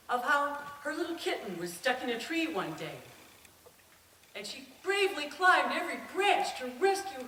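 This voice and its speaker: A middle-aged woman giving a prepared speech at a club, telling stories with an expressive voice that swells and drops. The voice sounds echoey and far from the mic. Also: a little high, slight background noise. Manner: expressive storytelling, swelling and dropping. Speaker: club speaker.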